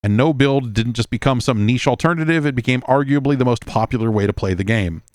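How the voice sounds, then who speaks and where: Middle-aged dude podcast host reading mail, mid-pitch, stumbles a lot, swears some, dead dry sound. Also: male voice, brisk, a little mellow, no echo. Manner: rambling, stammering, swears casually. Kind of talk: casual chat reading listener mail.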